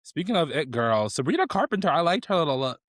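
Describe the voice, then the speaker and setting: A young man co-hosting a podcast in a casual chat, expressive and sassy, laughing often. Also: fairly high pitch, fast, no echo, clean studio sound. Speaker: podcast co-host.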